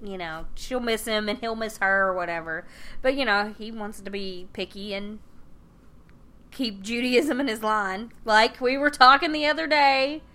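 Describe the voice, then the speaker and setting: A young woman chats her way through a TV recap, her voice bright and a touch high. She laughs easily and slips into quick quoted voices as she tells the story. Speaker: podcast co-host. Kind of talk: casual chat recapping a TV episode.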